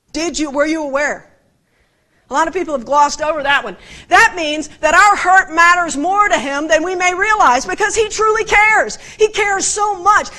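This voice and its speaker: A woman preaching a conversational sermon, animated and often putting direct questions to her listeners. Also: high-pitched.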